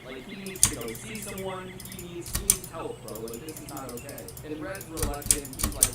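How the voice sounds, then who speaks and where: A young man telling a personal story in an animated, slangy way, heard as a distant, echoey clip with loud noise. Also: on the high side, normal speed, few pauses.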